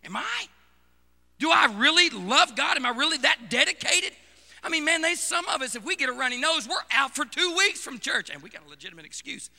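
Man, fervent preacher, sermon, very bright tone, gravelly, reverberant church hall. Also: very high voice, very animated, fairly quick. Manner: fervent, swinging between shouting and hushed tones.

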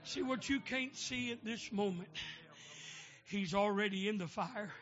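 A male preacher delivering a sermon, calling out to the congregation for amens and building up to shouting. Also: high-pitched, unhurried, music in the background. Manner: call-and-response, building to shouting. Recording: dull lo-fi sound.

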